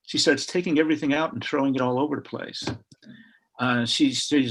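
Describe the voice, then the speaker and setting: Older man, from chicago, husky voice, lively storyteller, video call interview. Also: medium pitch, brisk. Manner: lively, acts out the people he quotes. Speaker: historian guest. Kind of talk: animated storytelling.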